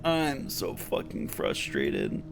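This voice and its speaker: A man's voice: low voice, huge pitch swings, slow, creaky, over music. A young man streaming a game, swearing and laughing in frustration. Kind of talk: live game-stream chat.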